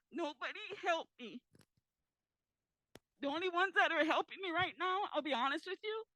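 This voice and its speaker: A woman's voice: high-pitched, bright, forceful tone, no echo, poor audio. A woman, giving tearful, impassioned public comment into a handheld mic at a community forum. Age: 50s. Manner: impassioned, pleading, repeats herself. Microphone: handheld microphone.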